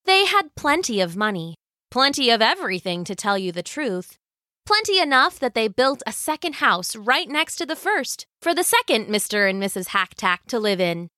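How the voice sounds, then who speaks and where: A woman narrating a folk tale for listeners in an expressive, playful way. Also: on the high side, normal speed, no echo, clean studio sound. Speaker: storyteller.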